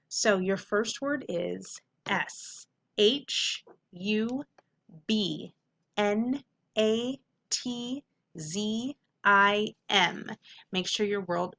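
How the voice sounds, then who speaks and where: A young adult woman teacher giving an upbeat phonics lesson, clearly sounding out letters and syllables. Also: mid-range voice, a bit bright.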